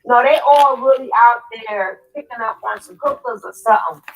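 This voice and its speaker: A woman's voice: on the high side, normal speed, low-quality recording. A woman hosting a reaction video, making sarcastic, mocking comments on clips. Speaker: commentary host.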